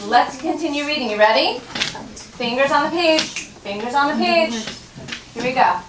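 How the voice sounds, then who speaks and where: A high-voiced woman leads a first-grade reading lesson, patient and coaxing, checking in with the class. She is recorded from a distance in an echoey classroom, with noise in the recording. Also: animated, normal speed. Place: elementary school classroom. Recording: roomy classroom recorded from afar, noisy.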